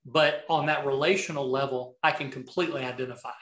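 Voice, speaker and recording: In an echoey room, a middle-aged man with a Southern accent and mid-range voice talks at a quick pace. He's a video marketing coach guesting on a podcast, telling rambling, animated stories in a casual interview full of restarts.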